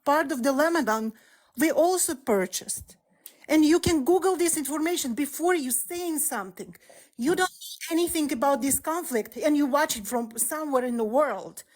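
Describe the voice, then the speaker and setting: A woman from Russia speaks as a doctor in a heated live-stream debate. Her voice sits high, and she presses her points insistently with rapid rhetorical questions. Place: in Europe.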